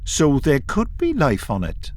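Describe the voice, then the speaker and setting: A man's voice: mid-range voice, huge pitch swings, measured pace, darkish tone, a little hiss or hum, pitched above the performer's own voice. A man voicing a sleepy but stubborn male communications technician, raised and insistent. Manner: insistent, dogged.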